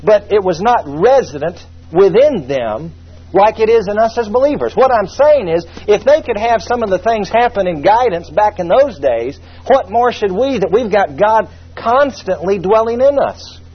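A man's voice: high-pitched, animated, normal speed, husky. A man preaching a sermon, teaching from the Bible in a folksy, humorous way with asides. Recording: muffled lo-fi sermon recording.

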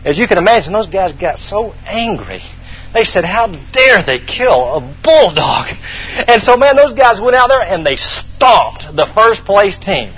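A man's voice: high voice, very animated, moderate pace, husky, highs cut off. A man preaching a sermon as pastor, emphatic and repeating his key points for the congregation to write down.

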